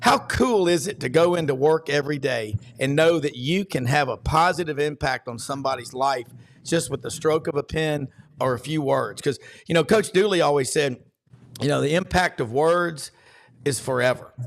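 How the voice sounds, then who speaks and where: Talk show host dude, folksy, rambles through stories, kinda high voice. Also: male voice, moderate pace, creaky. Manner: folksy storyteller, rambling anecdotes. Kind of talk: casual sports talk.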